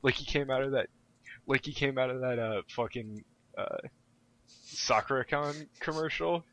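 A young adult man telling stories in casual chat, animated and full of profanity. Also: mid-range voice, moderate pace, a little hiss or hum. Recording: dull lo-fi audio.

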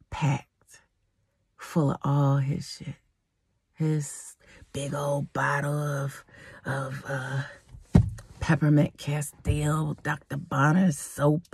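Woman telling a storytime vlog, slow and kinda low, super dry sound. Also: creaky, slightly rough, dry recording. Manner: animated, dramatic retelling with laughs.

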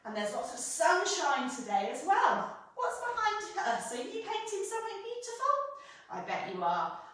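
A woman's voice: very high-pitched, huge pitch swings, moderate pace, a bit bright, recorded from a distance. A young woman with a British accent guiding children through a pilates class, in a sing-song, playful, encouraging way. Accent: British English. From England. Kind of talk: guided kids' movement class. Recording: echoey room, off-mic.

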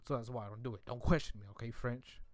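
A young man chats through pack openings in a loose, rambling way, circling back to the same point and getting jokingly defensive. His voice sits at an ordinary pitch. The sound is close and dry, with no room around it. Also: fast, dry recording. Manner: rambling, repeats himself, mock-defensive asides. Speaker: gaming YouTuber. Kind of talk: casual pack-opening commentary.

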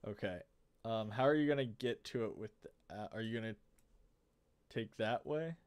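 A man's voice: lowish voice, moderate pace, darkish tone, smooth, no echo. A man running a tabletop game as game master, casual and laid-back, swearing freely.

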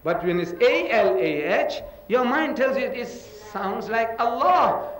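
A man's voice: very high voice, expressive, a little slow. A man from India raised in Africa, giving an emphatic public lecture and spelling words out letter by letter. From India, raised in South Africa. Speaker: lecturer in a public religious debate. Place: lecture hall. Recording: roomy hall echo.

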